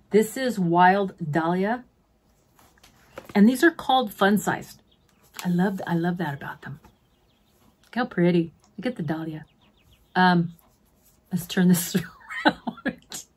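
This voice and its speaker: A middle-aged woman with a husky, fairly low voice talks casually to her viewers. She gushes over makeup palettes as she unboxes them in her home beauty room, chatting as if to friends. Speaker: beauty vlogger.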